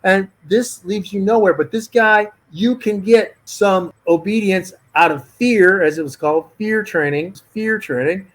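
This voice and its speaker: Man, dog trainer, reaction commentary, indignant, emphatic, repeats himself, fairly high-pitched. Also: unhurried, hardly any pauses. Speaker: dog trainer, podcast host.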